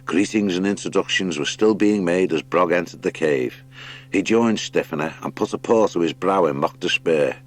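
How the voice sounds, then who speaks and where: A man reading a children's adventure audiobook as narrator, with expressive storytelling. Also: low voice, normal speed. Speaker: audiobook reader. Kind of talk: scripted narration.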